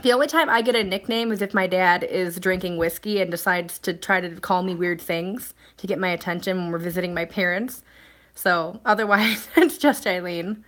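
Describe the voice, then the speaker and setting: A woman's voice: fairly low pitch, normal speed, fairly bright tone. A woman hosting a casual live stream, chatting and answering viewer comments in a rambling way with plenty of ums and restarts.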